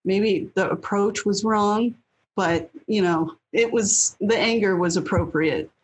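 A woman's voice: medium pitch, slow, slightly rough, low-quality recording. A woman in her thirties from New Hampshire, a guest telling casual stories in an interview in a blunt way, swearing freely and acting out her own past lines. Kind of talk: casual storytelling.

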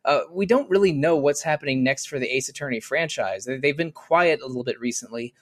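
A man's voice: medium pitch, brisk, a bit bright. A man talking casually on a podcast, thoughtful and rambling, often restarting his sentences. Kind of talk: casual podcast chat about a video game.

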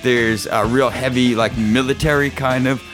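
A man's voice: mid-range voice, steady tone, moderate pace. A man hosting a casual music podcast, rambling and searching for words with fillers. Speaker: podcast host. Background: album music playing.

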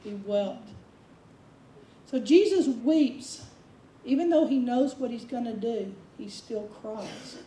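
High-voiced woman preaching a sermon. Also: slow, dark tone. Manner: conversational, emphatic, acts out quotes. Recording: roomy echo, distant mic.

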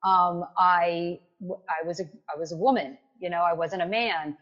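A woman's voice: fairly low pitch, normal speed, highs cut off. A woman in her forties from Canada, a tech executive talking energetically in a casual interview as a guest and often asking "right?". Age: 40s. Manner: energetic, lively, frequent "like" and "right?".

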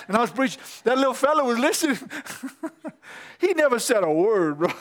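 A male preacher, giving an animated sermon in church that climbs to excited peaks. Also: high voice, a little fast.

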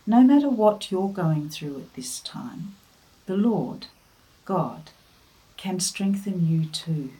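A woman giving a devotional talk, telling a family story and offering earnest, gentle encouragement. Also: fairly low pitch, animated, slow, poor audio. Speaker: devotional speaker.

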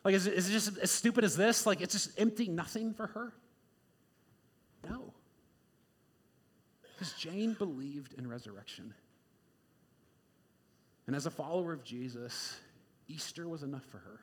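Talky pastor with a higher voice. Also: male voice, normal speed, long pauses, slightly rough. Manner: informal, repeats words, many "like"s and "right?"s. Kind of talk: conversational sermon.

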